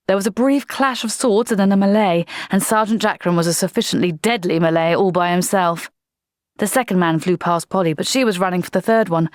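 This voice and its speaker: A woman's voice: medium pitch, dry recording, clean studio sound. Woman narrating a fantasy audiobook.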